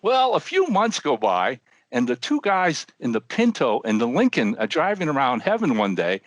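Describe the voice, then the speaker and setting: An older man co-hosting a podcast, telling a long joke with animated voices for the characters. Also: mid-range voice, moderate pace, no echo. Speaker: podcast co-host. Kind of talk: telling a joke, casual chat.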